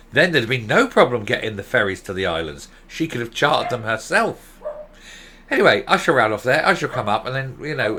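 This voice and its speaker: Sarcastic, lively male political vlogger. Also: a little high. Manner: sarcastic, exasperated, with mocking asides. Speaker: political commentator. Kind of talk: opinionated political vlog commentary.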